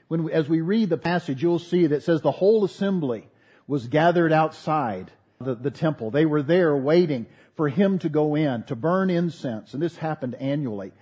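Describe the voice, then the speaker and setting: A pastor preaching a sermon, earnest with folksy asides. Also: male voice, a little high, a little mellow, breathy edge.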